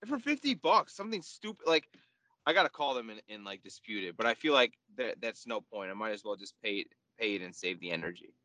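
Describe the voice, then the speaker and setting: A young man on a podcast, telling a story in an animated, exasperated way and swearing freely. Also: lowish voice, quick pace, dry recording, low-quality recording. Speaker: podcast co-host. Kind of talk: casual chat.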